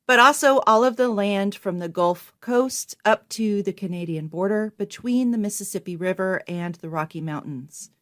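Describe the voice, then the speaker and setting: Woman co-host reading history clearly. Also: mid-range voice, fairly bright tone. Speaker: podcast co-host. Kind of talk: scripted history narration.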